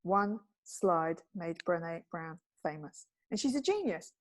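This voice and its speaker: Woman producer, storyteller with a sharp wit; plays every character she quotes with big leaps in pitch. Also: lively intonation, unhurried, slight background noise. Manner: witty, acts out quoted voices with big pitch jumps. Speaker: guest, TV producer and speaker. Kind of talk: animated storytelling in conversation.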